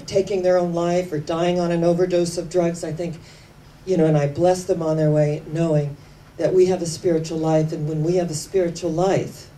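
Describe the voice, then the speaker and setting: A woman giving an inspirational sermon, telling stories with slow, emphatic phrasing that sometimes sinks to hushed tones. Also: sits low. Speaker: spiritual speaker. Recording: distant mic with faint background noise.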